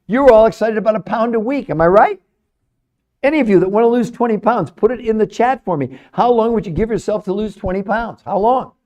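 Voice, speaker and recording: Middle-aged guy doing a salesy livestream to chat, kinda high voice, keeps repeating himself. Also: fairly quick, a little mellow, muffled recording. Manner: emphatic, salesy, repeats points for effect. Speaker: livestream host, nutrition researcher. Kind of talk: live stream talk to chat viewers.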